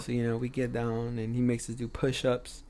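A man's voice: mid-range voice, normal speed, crowd noise. A young man and podcast guest telling a story in casual chat, acting out the people in it. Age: young adult. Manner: animated, acts out the people in his stories.

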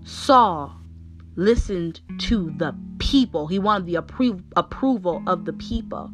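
A woman's voice: lowish voice, lively intonation, a little slow, soft background music. A woman preaching a sermon with fervor, asking the listeners question after question.

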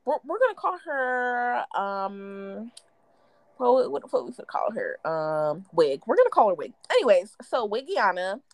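A woman's voice: measured pace, dry recording. A young woman co-hosting a podcast, telling gossip stories in casual chat and mimicking the people in them. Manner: animated gossiping, mimics others in high and low voices. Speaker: podcast co-host.

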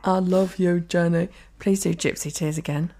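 A woman's voice: lowish voice, steady tone, normal speed, warm tone. A woman co-hosting a podcast, ranting in a casual, sweary way and slipping into mock quotes of other people. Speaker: podcast co-host. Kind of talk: casual chat.

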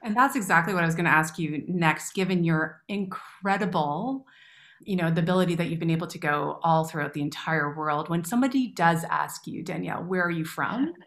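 A woman's voice: fairly low pitch, brisk, fairly bright tone. A woman hosting a podcast interview, asking questions in a casual, encouraging way. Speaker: podcast host.

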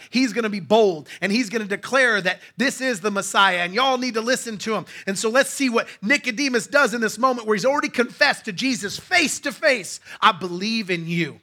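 A man's voice: high-pitched, fairly quick, few pauses, bright, forceful tone. A male pastor preaching a sermon in a conversational way, with asides to his congregation.

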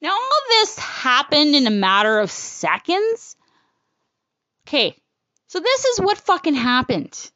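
A woman with a high voice tells a personal story bluntly, swearing freely. Her pitch leaps around with plenty of animation. The recording is dry and a little dull. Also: a bit bright, dry recording.

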